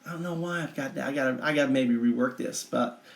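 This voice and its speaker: A man talking through a chart in a digressive, rambling monologue, restarting often and bursting into excitement. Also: mid-range voice, quick pace, gravelly, reverberant. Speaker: vlogger explaining a chart of figures.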